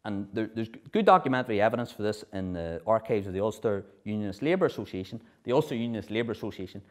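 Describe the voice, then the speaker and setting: A middle-aged man giving a history lecture, lively, often checking in with his audience. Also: fairly low pitch, quick pace. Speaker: speaker at a political history festival.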